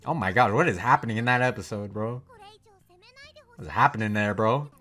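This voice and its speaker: A man giving casual, animated reaction commentary while watching anime, swearing freely and laughing often. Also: fairly low pitch, normal speed.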